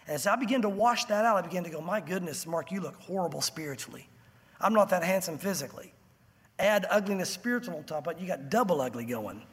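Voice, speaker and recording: A man preaching a sermon as a pastor, telling the story with animated acted-out voices. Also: high-pitched, breathy edge, big-room sound.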